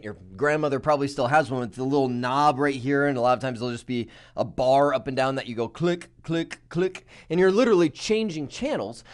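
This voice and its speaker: A man teaching a technical course in a conversational, animated way, often checking in with "right?" and acting out his examples. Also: a little high. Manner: animated, acts out examples in voices; conversational, uses "right?" and "you know". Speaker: instructor. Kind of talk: technical lecture.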